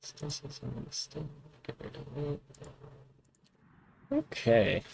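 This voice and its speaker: A man's voice: mid-range voice, takes it slowly, gravelly, darkish tone, slight background noise, low-quality recording. A man live-streaming a political role-play game, speaking as a head of state who keeps calling the other player "my friend", then muttering to himself as he plays. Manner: shifts into a mock diplomat voice, repeats "my friend". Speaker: streamer playing Pakistan's leader.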